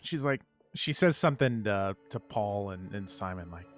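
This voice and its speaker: A man's voice: on the low side, expressive, moderate pace, soft background music. A man chatting casually as a tabletop game player, eager and encouraging.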